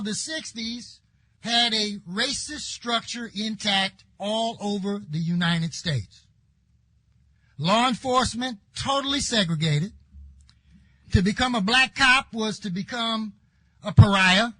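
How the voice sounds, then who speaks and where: Older guy giving a fired-up conference speech, highish voice, shouts the big points, dry close sound. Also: no room sound, low-quality recording. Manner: forceful, rising to shouts at key points. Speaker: conference speaker. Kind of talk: impassioned public speech.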